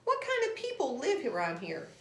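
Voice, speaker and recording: A woman voicing a polite, earnest young girl in a storybook reading, with lively pitch. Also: moderate pace, exaggerated voice. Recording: roomy echo.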